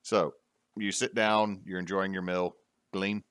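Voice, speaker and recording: A man narrating as game master, calling for checks with lively, laughing delivery. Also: deep voice, measured pace, clear, resonant tone, dry recording, clean studio sound.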